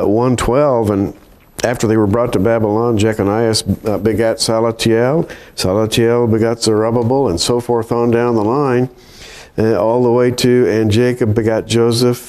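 A man co-hosting a Bible study conversation, measured in tone and reading scripture with emphasis. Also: mid-range voice, steady tone, darkish tone. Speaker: Bible prophecy show co-host.

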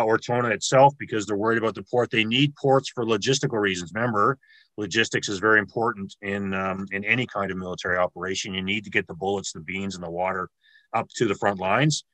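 A man's voice: fairly low pitch, a bit bright, dry recording, rough recording. A man giving an online military history lecture over a video call, explaining step by step with fillers and restarts.

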